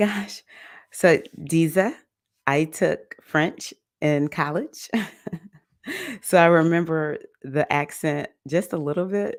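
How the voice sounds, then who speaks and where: A woman's voice: deep voice, slow pace, dry recording, studio quality. A woman, a young-adult livestream host and mindfulness teacher, chatting casually with viewers, laughing often and rambling through fillers. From United States. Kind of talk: casual chat reading viewer comments.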